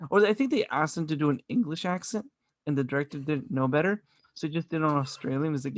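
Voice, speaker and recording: A man's voice: on the high side, fast, dry recording. A man chatting casually as a podcast co-host, enthusiastic and rambling, swearing often. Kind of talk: casual movie review chat.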